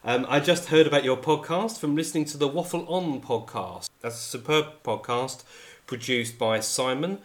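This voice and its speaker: A man's voice: medium pitch, moderate pace. Chatty male podcast co-host. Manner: chatty, laughs easily. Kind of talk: casual podcast chat.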